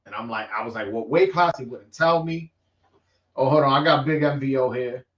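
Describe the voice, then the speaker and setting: Fields: Sex: man. Style: animated street-talk boxing chat. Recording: roomy, distant, lo-fi. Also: mid-range voice, moderate pace. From New York. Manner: animated, streetwise slang, frequent restarts. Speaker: boxing vlogger host. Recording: roomy, distant, dull lo-fi sound.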